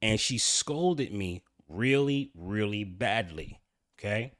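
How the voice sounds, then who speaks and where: A man's voice: on the low side, lively intonation, slow pace, fairly bright tone, dry recording, clean studio sound. A man hosting his own channel, candidly telling a personal story in a rambling way with frequent restarts. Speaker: channel host.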